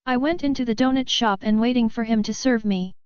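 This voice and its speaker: Smooth, higher-pitched woman narrating stories. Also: fairly quick, darkish tone, no room sound, muffled recording. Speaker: narrator reading online posts. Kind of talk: scripted story narration.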